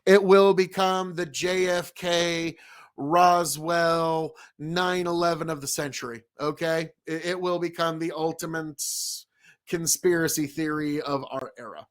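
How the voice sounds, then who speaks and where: A man's voice: a little high, fairly even intonation, a little slow. A man streaming live, giving rambling, emphatic commentary as he reacts to his chat, hammering points home by repeating them.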